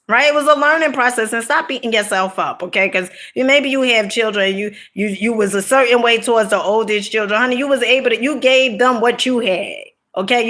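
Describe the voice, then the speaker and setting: A middle-aged woman talks casually, urging her listeners to be grateful. She is direct and a bit preachy, and she keeps checking in with "okay?" and "you know". Her voice sits fairly high, with a bright, forceful edge. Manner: laughs between points. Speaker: motivational speaker. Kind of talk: casual motivational talk.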